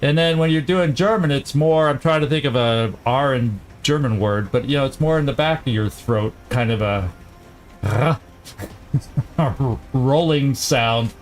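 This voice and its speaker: A man hosting a let's-play, chatting casually and thinking aloud as he plays, quick to laugh. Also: medium pitch, soft background music. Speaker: gaming channel host.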